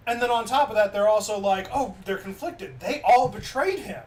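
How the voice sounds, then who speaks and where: A man streaming in a casual chat, retelling a story in a loose, animated way with many fillers. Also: sits high, normal speed, few pauses. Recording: distant mic with faint background noise.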